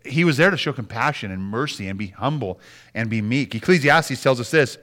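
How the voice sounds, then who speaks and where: A middle-aged man preaching a sermon as a pastor, animated and dropping to soft, hushed words for emphasis. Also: mid-range voice, a little fast.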